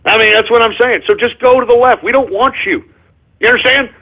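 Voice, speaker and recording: A man hosting a political talk radio show, ranting combatively and breaking into shouted bursts. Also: extremely high pitch, fairly even intonation, brisk, gravelly. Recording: phone-like narrow band.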